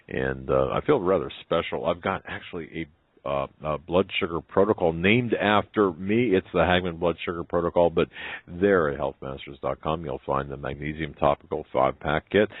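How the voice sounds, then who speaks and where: A male radio co-host doing a folksy, enthusiastic sponsor pitch. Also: breathy edge, no room sound. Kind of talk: talk radio host banter. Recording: tinny phone-like sound.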